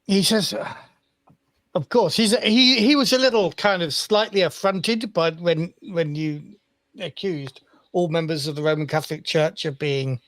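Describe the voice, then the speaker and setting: Man, game master, fairly high voice, relaxed, rambling, dry close sound. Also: measured pace, no room sound. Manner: relaxed, rambling with many fillers. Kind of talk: running a tabletop game.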